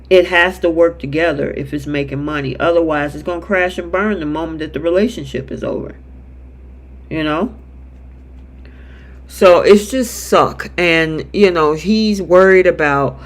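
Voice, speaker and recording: A man with a high voice runs a live soap recap chat. He talks in a casual, animated way, reading out viewer comments and acting out the characters' lines as he goes. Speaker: show host.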